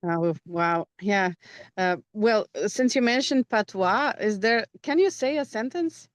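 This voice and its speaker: A woman's voice: mid-range voice, animated, unhurried, no room sound. A woman interviewing a guest, asking encouraging follow-up questions in a casual tone. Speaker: interviewer, English teacher.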